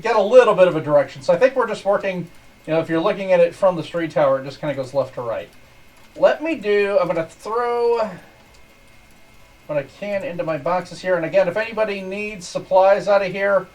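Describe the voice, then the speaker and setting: A man's voice: high voice, far from the mic, low-quality recording. A man streaming, giving easygoing, rambling commentary over his game from his desk at home. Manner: easygoing, rambling with small restarts. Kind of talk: casual gameplay commentary. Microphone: desk microphone.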